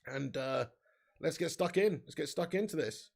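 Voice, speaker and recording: A young man hosts a live football watch-along, calling the action while reading and answering his viewers' messages. His voice sits high and carries a gravelly, creaky edge. He swears casually and jumps into loud, excited calls on near misses and saves. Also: moderate pace. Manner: banter with chat, swearing, excited bursts on chances.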